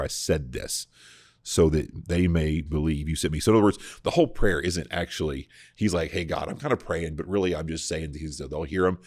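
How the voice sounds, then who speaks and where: A man hosting a podcast, explaining scripture in a casual, animated way, often restarting his sentences. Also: rumbling low, no room sound, studio quality. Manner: animated, full of restarts and repeated words. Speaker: podcast host discussing scripture. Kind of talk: casual conversational Bible teaching.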